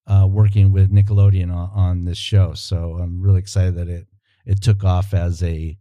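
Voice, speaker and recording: A man whose voice sits low, mellow and level-toned, speaks at a moderate pace on dull-sounding audio. As a cultural consultant and consulting producer in a casual podcast interview, he tells long stories in a rambling way, frequently restarting and filling pauses.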